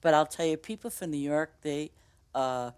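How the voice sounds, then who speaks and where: A woman's voice: low-pitched, moderate pace, a little mellow, smooth. A woman with a Boston accent chatting casually with her stream viewers in a rambling, easygoing way, laughing often. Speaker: game streamer.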